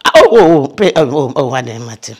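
An older veteran actress from Ghana, telling lively stories in a casual interview. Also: female voice, rumbling low, brisk, breathy edge. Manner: lively storyteller, mixes in English phrases.

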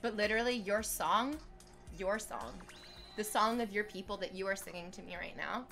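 A woman streaming live while sick, excitedly thanking her chat for donations, gushing, swearing freely and squealing. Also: mid-range voice, moderate pace, faint music behind.

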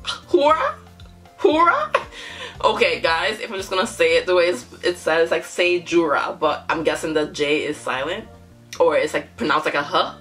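A young woman hosting a casual reaction vlog, giggling often and breaking into high exclamations. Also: fairly quick, fairly bright tone, soft background music. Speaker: YouTube reaction host.

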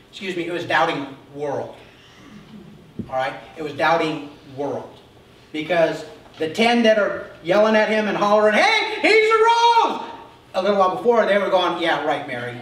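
A man's voice: fairly high pitch, normal speed. A man preaching an Easter sermon as pastor, talking to the congregation and often checking in with "Okay?". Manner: animated, acting out Bible figures. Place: church sanctuary. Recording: very echoey room, voice from a distance, faint noise.

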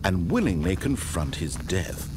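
A man voicing a dry, mocking omniscient narrator in a video game, delivered in a measured, deadpan way. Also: low voice, noisy background. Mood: ominous.

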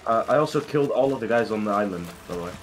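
Excitable young man, gaming over loud noise. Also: lowish voice. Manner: excitable, swears often, quick bursts of shouting. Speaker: game streamer. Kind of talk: casual gameplay chat with teammates. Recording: game sounds of boat and water behind voice.

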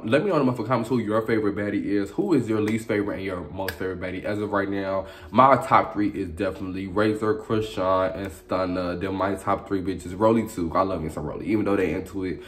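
Fast-talking, sassy, profane young man. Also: lowish voice. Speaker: reality show reviewer. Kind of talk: casual commentary vlog.

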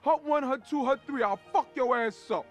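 A man's voice: high-pitched, moderate pace, breathy edge, faint music behind, exaggerated voice. An actor playing a brash, crude streetwise man who coaches his friend on women in a comedy film. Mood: showing off. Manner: boastful, crude, loud and animated. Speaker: film character.

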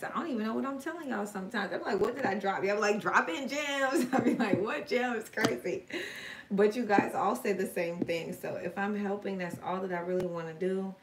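A woman's voice: mid-range voice, distant mic, a little hiss or hum. Woman, tarot stream host, loose and slangy, reads chat aloud; set back from the mic in a roomy space with faint ambience. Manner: chatty, reads viewer comments aloud and answers them; frank and slangy, swears now and then. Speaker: tarot reader hosting a live stream. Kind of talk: casual live-stream chat.

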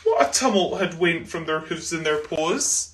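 A woman reading a rhyming children's storybook aloud, expressive and rhythmic. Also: on the low side, normal speed, slight background noise. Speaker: school reader.

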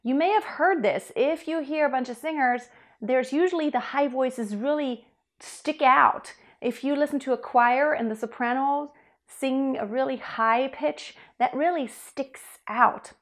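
A woman's voice: high voice, a little slow. A young woman teaching a singing lesson, explaining technique and sometimes singing short demonstration notes. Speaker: vocal coach.

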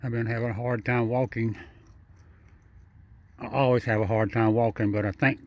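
A man's voice: medium pitch, steady tone, moderate pace, a little mellow. A man giving casual running commentary while feeding a raccoon, talking straight to the animal in a chatty, repetitive way. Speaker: vlogger feeding a wild raccoon.

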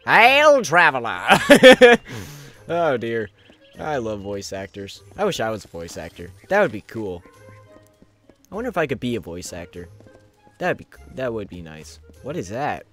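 A young man talks over his gameplay at a desk mic, jokey and quick to shout at enemies. His pitch leaps around as he reacts. Faint music plays underneath. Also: sing-song. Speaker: gameplay commentator. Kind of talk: let's play commentary.

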